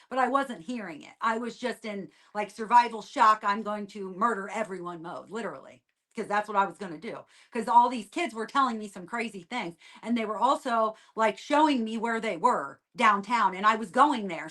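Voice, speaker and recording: A woman guest on a podcast, her voice a little high, gives a rambling personal testimony. She repeats herself and trails off quietly at the ends of her lines.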